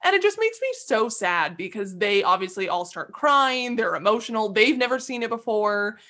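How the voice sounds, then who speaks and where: A woman co-hosting a podcast, chatting casually and venting her opinions with animated emphasis. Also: on the high side. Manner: animated, opinionated, quick to vent. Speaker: podcast co-host. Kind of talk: casual chat.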